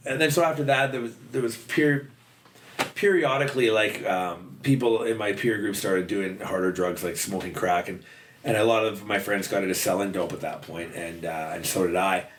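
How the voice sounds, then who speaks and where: Appearing as a podcast guest in a casual storytelling interview, a deep-voiced man from western Canada tells his story bluntly, swearing freely and using lots of fillers. Slight background noise is audible.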